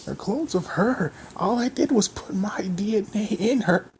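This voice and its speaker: A man's voice: high-pitched, normal speed, darkish tone, slight background noise, pitched above the performer's own voice. Man as a stammering teenage hero. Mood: flustered. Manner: stammering, rambling. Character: flustered fourteen-year-old boy hero, apologetic.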